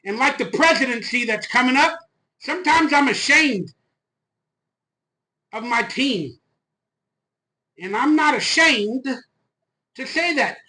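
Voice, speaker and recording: Man, fan show host, live stream rant, bright voice, profane, fired up, phone mic. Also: very high voice, lively intonation, slow pace, pauses often, rough recording. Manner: loud, profane, fired-up ranting.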